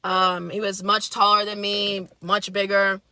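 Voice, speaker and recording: A young woman in her twenties from the United States, a podcast guest telling a story in a casual, animated, profane and heated way. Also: mid-range voice, unhurried, no echo. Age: 20s.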